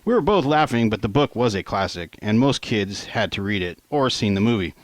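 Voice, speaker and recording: A man reads his own first-person novel aloud, low-pitched and relaxed, tossing in offhand asides and the odd swear word. The recording is dry and close, with no room sound. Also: fairly quick, no echo. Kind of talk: first-person audiobook narration.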